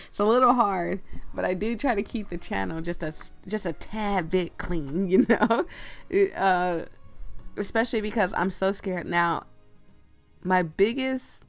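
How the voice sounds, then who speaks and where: A woman's voice: mid-range voice, creaky, no room sound. A woman playing a story game, chatting in rambling, giggly tangents while losing her voice. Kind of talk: casual commentary and reading aloud.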